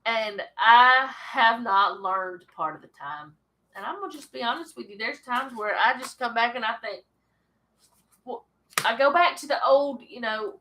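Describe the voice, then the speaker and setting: A woman's voice: a little high, lively intonation, unhurried, sharp tone, low-quality recording. A woman hosting a casual Bible study, reading scripture aloud and then talking it over with chatty asides.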